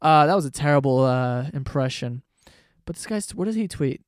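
A man's voice: a little high, expressive, moderate pace, clean tone, no room sound. Male podcast host, profane and sarcastic rambler, dry close recording, resonant tone. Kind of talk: casual comedic rant.

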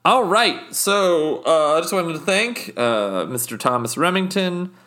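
Male podcast host, blunt and exasperated, slow delivery. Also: fairly high pitch, animated, bright, forceful tone. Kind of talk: improvised comedy podcast.

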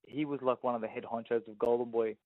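A mid-range male voice with fairly even intonation talks fast: an Australian boxer in his thirties telling stories as a guest in a laid-back interview, regularly saying "you know what I mean." The dry recording sounds tinny and phone-like.

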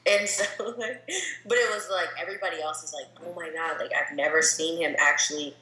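A woman's voice: sits low, steady tone, a little fast, sharp tone, reverberant, slight background noise, poor audio. A woman chatting casually, telling stories animatedly with lots of "like" and quoted asides. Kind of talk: casual chat.

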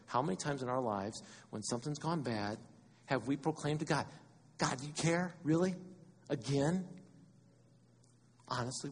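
A man preaching a sermon as pastor, animated and conversational, acting out quotes as he goes. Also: medium pitch, long reverb tail, a little hiss or hum.

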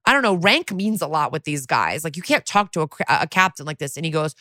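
Casting: young woman, lowish voice, chatty and profane podcast recapper, dry close sound. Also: lively intonation, pushed and bright, no room sound. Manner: chatty, profane, acts out quotes in quick voices. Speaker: podcast co-host. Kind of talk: casual episode recap.

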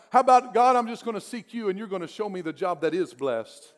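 High-pitched man preaching a lively sermon. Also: a little fast. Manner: lively preaching, swings between soft prayer and emphatic repetition. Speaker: pastor.

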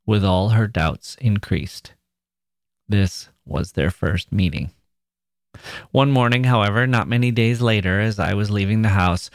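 A man, a podcast host, reading a classic short story aloud in a measured storytelling manner. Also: fairly low pitch, no echo, studio quality. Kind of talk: literary reading.

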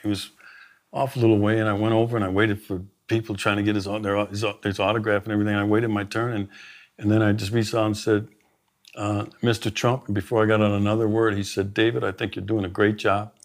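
This former sheriff, a podcast guest, speaks quickly in a fairly low-pitched man's voice. In a conversational interview he spins animated anecdotes, acting out and quoting both his own lines and what others said.

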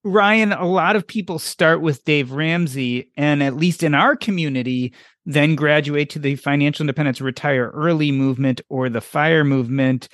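A man's voice: a little high, normal speed, fairly bright tone, no echo, studio quality. A man hosting a podcast interview, asking questions with enthusiastic, emphatic repetition. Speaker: podcast host.

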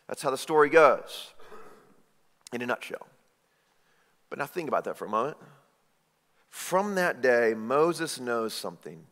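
A man preaching a sermon, retelling a story with lively asides and acted-out quotes. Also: mid-range voice, long reverb tail. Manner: animated storytelling, repeated "right?" asides, acts out quotes. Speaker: pastor.

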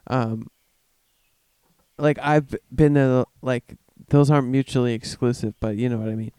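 Smooth-voiced young guy, rambling. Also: mid-range voice, fairly even intonation, warm tone, no echo. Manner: rambling, halting storyteller with many "like"s. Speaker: podcast co-host. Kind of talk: casual chat. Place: outdoors with friends.

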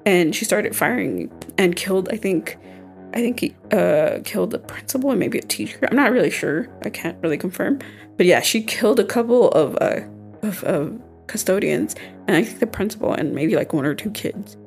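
Chatting casually as a podcast co-host, a young woman speaks at a normal speed in an expressive, mid-range voice that is creaky and a little mellow. Faint music lies underneath her loose, conversational talk, which has plenty of fillers and restarts.

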